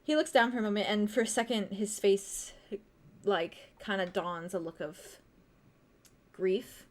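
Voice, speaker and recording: A woman's voice: mid-range voice, measured pace. A woman running a tabletop game as game master, narrating casually with many fillers. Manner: casual and hesitant, with many fillers and frequent laughs.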